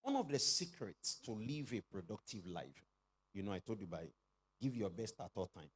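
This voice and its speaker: A middle-aged man preaching a sermon as pastor, leading the congregation in call-and-response and rising to shouted exclamations. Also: lowish voice, sing-song, moderate pace, husky.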